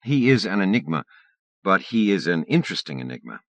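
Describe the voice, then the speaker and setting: A man narrating a first-person short story for an audiobook in a lively, expressive way. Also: low voice, brisk, no room sound.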